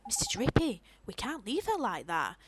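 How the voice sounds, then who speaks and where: An earnest, gentle young boy hero from a video game, as a woman voices him, speaking softly and sincerely. His voice sits fairly high. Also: wildly swooping pitch, normal speed, background noise. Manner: earnest and soft-spoken.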